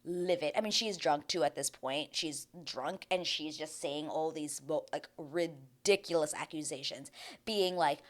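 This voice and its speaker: A fed-up woman hosts a reality TV recap, ranting in loose, casual commentary and swearing without a second thought. Her voice sits a little low for a woman. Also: a little slow. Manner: exasperated, ranting, swears freely.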